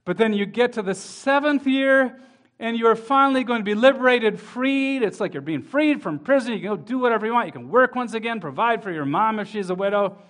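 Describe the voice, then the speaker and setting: A man's voice: very high-pitched, expressive, fairly quick, a bit bright. A man preaching a sermon as pastor, reading scripture aloud and speaking to the children in the congregation with rising emphasis.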